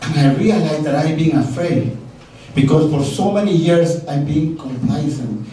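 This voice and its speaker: A middle-aged man whose first language is Spanish tells a personal story to a live audience, earnest and heartfelt. His voice sits a little high but sounds mellow. It comes through a heavily echoing hall, picked up from some distance. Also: a little hiss or hum. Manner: earnest, heartfelt, acts out dialogue. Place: stage in a live venue. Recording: very echoey hall, distant mic.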